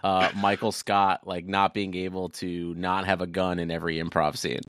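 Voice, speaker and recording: Deep-voiced teasing podcast guy. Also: completely flat delivery, moderate pace, fairly bright tone, no echo. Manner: self-deprecating, teasing. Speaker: podcast co-host. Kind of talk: casual podcast banter.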